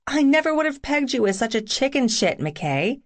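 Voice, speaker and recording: A woman reading the part of a brash, crude young woman friend with a pushy, teasing manner, pitched higher than her narration. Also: very animated, normal speed.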